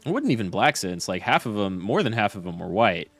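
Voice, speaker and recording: A man's voice: lowish voice, big pitch swings, quick pace, fairly bright tone, faint music behind. A young man streaming a game and chatting casually, rambling with lots of fillers and restarts.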